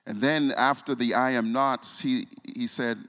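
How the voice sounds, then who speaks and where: A man's voice: medium pitch, steady tone, unhurried. Pastor in his forties, echoing church. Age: 40s. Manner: repeats words and restarts, voice drops soft when moved. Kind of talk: emotional sermon storytelling. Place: church sanctuary. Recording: long hall reverb.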